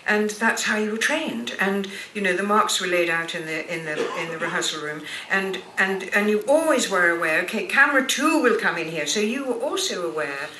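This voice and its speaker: An older woman recalls her early television days with lively, swooping expression. Her voice is bright. It sounds distant in a reverberant hall, with a faint hiss behind it. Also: medium pitch, brisk, hardly any pauses. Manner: animated, expressive storyteller. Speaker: actress guest. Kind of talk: anecdotal panel chat. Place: cinema stage Q&A. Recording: echoey hall, picked up from far.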